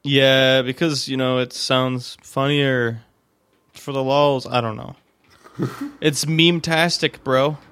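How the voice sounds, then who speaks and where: A man's voice: mid-range voice, fairly even intonation, slow, fairly bright tone, clean tone, no room sound. Rambling, joking podcast host, man. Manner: rambling, joking, lots of fillers and restarts. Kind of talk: casual chat. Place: home room, on a video call. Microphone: desk microphone.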